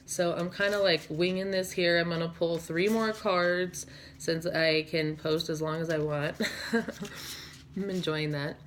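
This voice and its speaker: A woman's voice: lowish voice, fairly even intonation, unhurried, a little hiss or hum. A young woman giving a casual tarot reading to her viewers, rambling and dreamy, full of "like" and "you know". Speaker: tarot reader.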